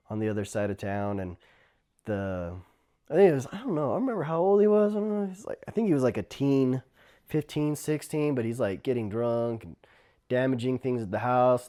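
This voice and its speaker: Animated storytelling man, laughing often. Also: medium pitch. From Navajo Nation, US Southwest. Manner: animated, laughs often, acts out quoted shouts loudly. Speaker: former tribal police officer. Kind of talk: casual storytelling.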